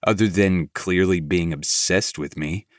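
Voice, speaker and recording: A man's voice: low voice, unhurried, no room sound, clean studio sound. A man voicing a sly, smug male billionaire businessman with a mocking, sarcastic manner.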